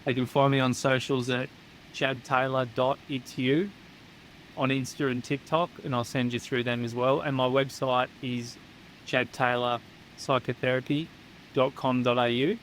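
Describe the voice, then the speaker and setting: A man's voice: mid-range voice, little pitch movement, moderate pace, a bit bright, slight background noise, low-quality recording. Blunt, swearing Australian man. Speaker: psychotherapist guest. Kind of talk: candid casual chat. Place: home near the beach.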